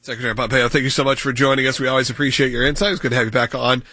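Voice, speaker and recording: Fast-talking husky radio host. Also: male voice, steady tone, sharp tone, dry recording. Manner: brisk, upbeat sales pitch. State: scratchy, strained voice. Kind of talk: talk radio hosting and donation appeal.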